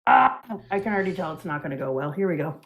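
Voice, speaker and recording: A woman co-hosting a livestream, recapping a comic in an animated, giggly way. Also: sits low, fast talker, poor audio. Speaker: co-host. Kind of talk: casual livestream chat and recap.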